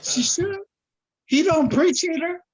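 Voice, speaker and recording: A man's voice: very high voice, unhurried. A man in a casual chat show giving blunt, opinionated relationship advice. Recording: dull lo-fi sound.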